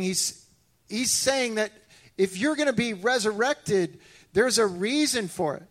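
High-voiced man preaching a lively sermon. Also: unhurried, pauses often. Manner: casual, animated preaching with frequent restarts. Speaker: pastor.

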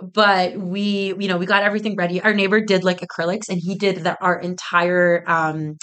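A young woman in her twenties, a business co-founder, telling a story in an interview with animated delivery, frequent laughter and lots of "like" fillers. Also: lowish voice, moderate pace. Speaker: guest, tea business co-founder.

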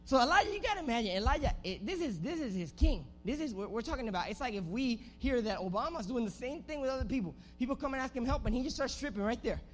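Slangy, animated young male preacher. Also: very high-pitched, fast, hardly any pauses, soft background music. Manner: slangy, animated, talks straight to the crowd. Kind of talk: energetic youth sermon storytelling.

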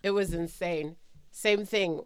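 A woman's voice: fairly low pitch, slow, slight background noise. A woman co-hosting a podcast in casual chat, telling stories with frequent laughter. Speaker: podcast co-host.

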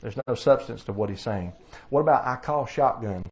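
Man, Southern accent, preacher, folksy, mid pitch, sermon teaching. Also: expressive, moderate pace, darkish tone. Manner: folksy, plainspoken, asks rhetorical questions.

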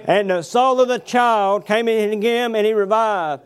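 High-voiced man preaching a sermon. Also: measured pace, clear, resonant tone. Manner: asks the congregation rhetorical questions; reads verses aloud, then paraphrases with fillers. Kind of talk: sermon reading and expounding scripture. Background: congregation answering amen.

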